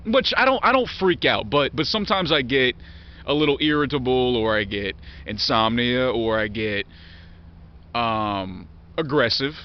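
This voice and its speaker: A man's voice: medium pitch, animated, a little slow. A man in his thirties talking straight to camera, blunt and heavily profane, rambling with frequent restarts. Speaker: vlogger. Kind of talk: candid personal monologue. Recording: dull lo-fi recording.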